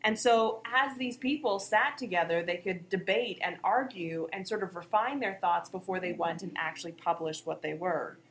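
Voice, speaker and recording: A woman's voice: fairly low pitch, moderate pace, few pauses, a little hiss or hum. A woman co-hosting a history podcast, explaining events in a conversational way. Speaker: history teacher, podcast co-host. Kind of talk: educational podcast discussion.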